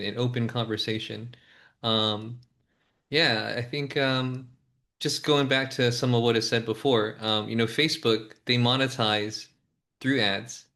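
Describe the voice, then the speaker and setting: A man hosting a casual group video call, talking loosely with many fillers. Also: on the low side. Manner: relaxed, rambling with fillers. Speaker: host of a creators' call.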